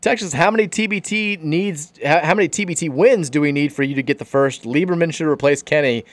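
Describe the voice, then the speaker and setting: A man's voice: on the high side, no echo. Sports radio man, dry studio sound. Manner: reads listener texts aloud, fast and argumentative. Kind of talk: casual sports talk.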